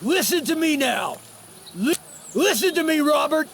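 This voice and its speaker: A man's voice: very high-pitched, very animated, unhurried, fairly bright tone, a little hiss or hum, heavily acted. An actor playing a protective, hot-tempered trucker who talks to the player in a fatherly, familiar way, from a video game. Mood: angry warning. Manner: fatherly, calls the player young blood. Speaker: game character. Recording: game audio with music behind.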